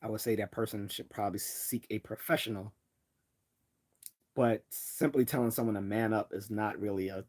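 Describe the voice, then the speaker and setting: A man with a General American accent talks on a casual livestream in a fairly low voice. He stumbles through restarts and fillers, yet his views come out blunt and sure. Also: fairly even intonation, moderate pace, darkish tone. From Northeastern United States. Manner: hesitant, many restarts and fillers. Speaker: livestream host.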